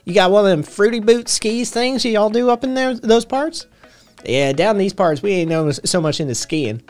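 A folksy rural Tennessee man with a thick, exaggerated Southern drawl, as a man puts him on. He has a high, lifted voice and talks slowly. Faint music plays behind him. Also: animated. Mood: folksy teasing.

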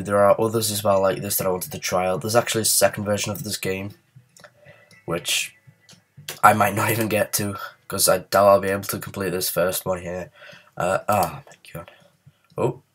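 A man with a very deep, low voice narrates his gameplay as a let's play, sounding ill and growing frustrated. He mutters and swears at the game between comments, with a faint hiss behind him. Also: fairly bright tone. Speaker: gaming channel host.

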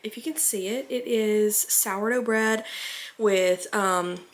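A woman's voice: medium pitch, takes it slowly. A young woman from Alabama, chatting casually in a rambling home vlog, a little out of breath. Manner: rambling, filler-heavy, chatty. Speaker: vlogger.

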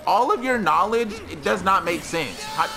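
A man giving excited gameplay commentary, slangy and trash-talking, with loud outbursts. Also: sits high, normal speed, vocal fry. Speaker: gaming YouTuber. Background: game music.

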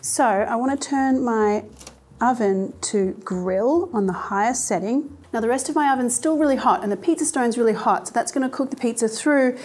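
A woman's voice: fairly high pitch, normal speed, darkish tone, slightly rough. Chatty woman hosting a cooking show. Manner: chatty, upbeat, explains step by step. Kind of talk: casual cooking demonstration. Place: home kitchen.

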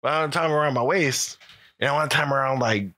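A man playing a tabletop horror game, talking in an excitable, joking way. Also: medium pitch. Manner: excitable, joking, quick to laugh. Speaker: player. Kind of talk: casual tabletop game play.

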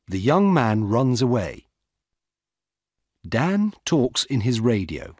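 Male narrator, very slow, husky, lively intonation, learner story reading. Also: medium pitch, dry recording, studio quality. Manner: slow, clear, deliberate for learners. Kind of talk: graded reader story narration.

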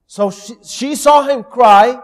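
A man teaching a Quran lesson, telling stories in a measured way and speaking directly to his listeners. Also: very high voice, in a large hall, soft background music. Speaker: Islamic teacher.

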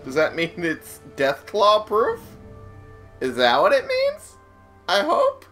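A man's voice: high voice, wildly swooping pitch, slow pace, fairly bright tone. A young man giving casual, rambling commentary while playing a video game, swearing and laughing often. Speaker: let's-play gamer. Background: game music.

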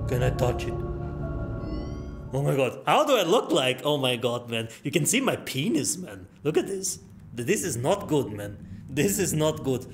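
A man's voice: mid-range voice, unhurried, music in the background. A young man streaming a horror game live, gasping, yelping and swearing, full of crude jokes. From Austria. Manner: excitable, yelps and gasps, swears a lot, crude jokes.

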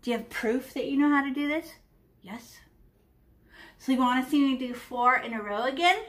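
A middle-aged woman leads a painting lesson for kids in a somewhat high, bouncy voice. She talks her way through every stroke in a chatty, playful way. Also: normal speed. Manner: chatty and playful, narrating each brushstroke. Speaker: art teacher. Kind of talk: live art lesson to children.

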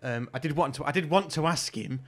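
A man's voice: a little high, a little fast. Man cutting in eagerly. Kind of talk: casual podcast chat.

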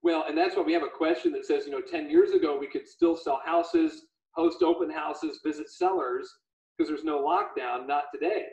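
Male livestream host, lively and gravelly, echoey lo-fi room sound. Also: a little high, moderate pace. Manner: animated, retells stories with quoted voices. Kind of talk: casual video call chat. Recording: echoey room, dull lo-fi audio.

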